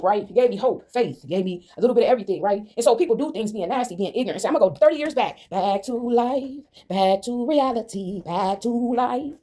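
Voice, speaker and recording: Rapid-fire emphatic woman vlogger. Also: fairly high pitch, dark tone. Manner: emphatic, repetitive, keeps asking "right?". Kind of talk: casual monologue to viewers.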